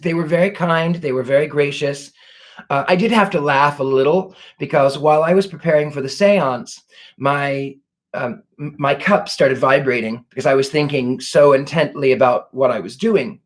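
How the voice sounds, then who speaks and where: A man hosting a casual livestream Q&A as a psychic, talking in a gentle, effusive way. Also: a little high, moderate pace. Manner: gentle and effusive, fond of 'lovely' and 'dear'. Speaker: psychic host. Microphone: home livestream setup.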